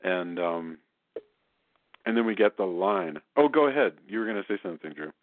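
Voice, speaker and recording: A man's voice: deep voice, lively intonation, normal speed, no echo. A man cohosting a casual film review podcast, talking enthusiastically and rambling with restarts. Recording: dry, phone-like podcast line.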